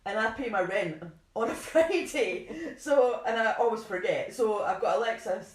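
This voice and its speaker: A woman's voice: a little high, moderate pace. Woman, podcast co-host, chatty and self-deprecating, roomy home recording. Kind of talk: casual chat, reading case notes.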